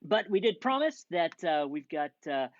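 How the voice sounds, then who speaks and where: A man introduces the show in a relaxed, halting way, with plenty of ums and uhs. His voice is mid-pitched and sounds dry and a bit muffled. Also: no echo. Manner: hesitant, many fillers. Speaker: podcast co-host.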